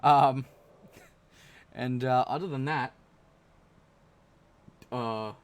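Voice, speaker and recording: A man's voice: mid-range voice, drawn-out words, smooth. A man hosting a sim racing broadcast, talking casually and rambling with frequent restarts. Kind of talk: live stream race commentary.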